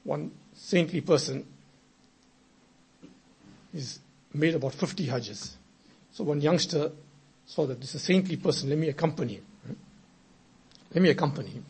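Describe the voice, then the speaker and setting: A man giving a sermon, telling moral stories and building from quiet narration into emphatic exhortation. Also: fairly high pitch, normal speed, vocal fry, long pauses, slightly rough. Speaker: preacher. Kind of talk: storytelling sermon.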